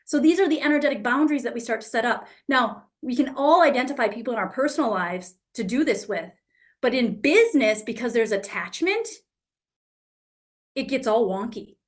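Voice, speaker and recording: A woman coach with a slightly high, brisk voice gives a casual teaching talk to an online group. Lively and frank, she swears freely and acts out the exchanges she describes.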